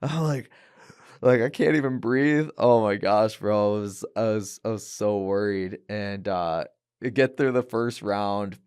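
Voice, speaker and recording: A young man on a podcast who tells his story in a casual, animated way and acts out the voices of the people in it. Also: on the low side, unhurried, smooth. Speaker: guest, fighter. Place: podcast studio.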